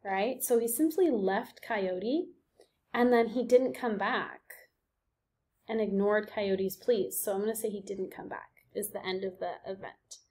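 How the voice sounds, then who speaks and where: A woman's voice: medium pitch, a little slow, a little mellow. A woman teacher giving a recorded reading lesson, explaining patiently and often checking in with her students. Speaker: elementary school teacher.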